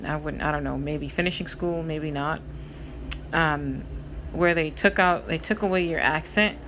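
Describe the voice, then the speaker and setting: A blind woman hosts a podcast, thinking aloud hesitantly in a casual monologue with fillers. Her voice is low-pitched and a little slow, and the recording is slightly dull with faint noise.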